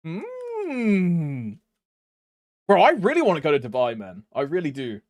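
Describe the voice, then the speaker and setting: A man's voice: on the high side, wildly swooping pitch, unhurried, no room sound. A young man streaming a game, chatting casually in a rambling way, laughing often and calling his viewers bro. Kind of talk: casual chat while gaming.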